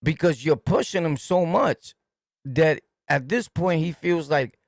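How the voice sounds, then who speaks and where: Clean studio sound with no echo carries a man's slightly high, unhurried voice. He's a New York City host with a New York accent giving casual commentary to a livestream chat, streetwise, emphatic and prone to repeating himself.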